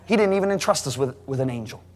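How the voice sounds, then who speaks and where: A man preaching a sermon to a congregation, emphatic and rising to near shouting at high points. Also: expressive, racing. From United States. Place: large church hall. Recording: live sermon in a reverberant hall.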